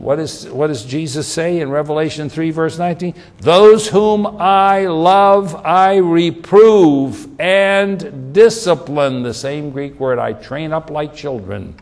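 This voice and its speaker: A middle-aged man preaching a sermon, emphatic, repeating phrases and slowing down on scripture. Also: fairly high pitch, creaky. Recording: long hall reverb.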